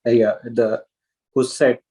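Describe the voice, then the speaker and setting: A man's voice: medium pitch, little pitch movement, slow, dark tone, slightly rough, rough recording. A man learning a language in a one-on-one lesson, hesitant and full of fillers as he repeats after his teacher. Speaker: language student.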